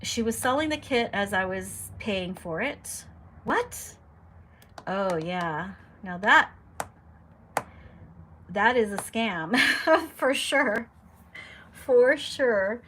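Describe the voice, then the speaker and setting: With a highish voice, a slow pace and frequent pauses, a young adult woman runs a casual livestream, chatting and reading viewer comments aloud with animated reactions. A little hiss or hum sits under the audio.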